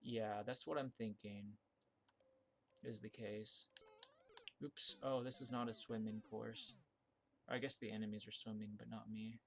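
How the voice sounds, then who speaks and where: A man's voice: unhurried, creaky, long pauses, a little hiss or hum. A man giving casual live-stream commentary while playing viewer-made game levels, thinking aloud with restarts and fillers, and yelping when something surprises him. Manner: bursts of high excitement at surprises.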